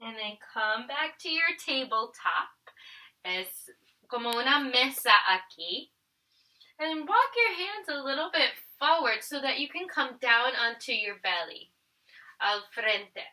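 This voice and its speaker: A woman teaching a family yoga class. She gently guides each pose step by step and counts the breaths. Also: sits high, measured pace, distant mic, low-quality recording. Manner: calm step-by-step guiding, counting breaths, switching between English and Spanish. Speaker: yoga instructor.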